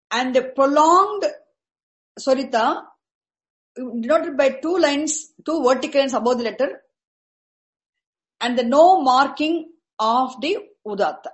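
Woman, high voice, patient teacher who repeats herself often. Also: poor audio. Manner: patient, repetitive, restarts words and spells out terms slowly. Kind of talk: explaining Vedic chanting accents to a class.

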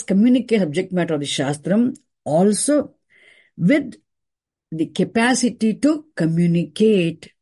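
A woman teaching a scripture class, explaining terms deliberately and repeating key words for emphasis. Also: mid-range voice, dark tone, slightly rough.

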